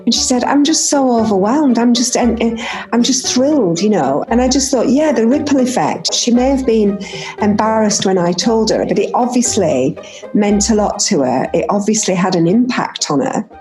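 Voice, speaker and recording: A woman speaking as a podcast guest in an animated, conversational way, quoting what other people said. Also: a little high, moderate pace, soft background music. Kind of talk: conversational interview.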